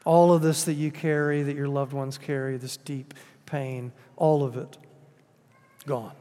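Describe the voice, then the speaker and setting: Earnest preacher in a reverberant hall. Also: male voice, medium pitch, little pitch movement, unhurried. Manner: earnest, drops to soft, quiet phrases at emotional points. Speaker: pastor. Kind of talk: sermon. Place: church hall. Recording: long reverb of a large hall.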